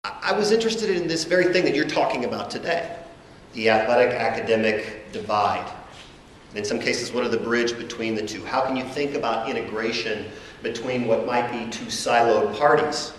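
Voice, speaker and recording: A man's voice: mid-range voice, moderate pace, fairly bright tone. Man lecturing in a reverberant hall. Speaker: conference presenter, academic. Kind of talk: conference lecture. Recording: echoey hall with faint room noise.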